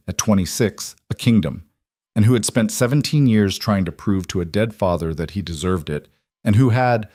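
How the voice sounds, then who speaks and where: A man giving measured, deliberate scripted narration of a crime drama. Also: on the low side, a little mellow, no room sound, studio quality.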